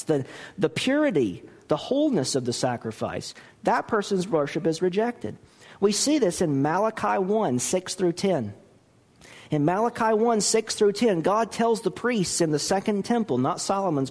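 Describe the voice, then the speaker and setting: Male pastor, sermon delivery, high and very lively voice, long reverb of a large hall. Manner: expressive preaching, acting out quoted dialogue.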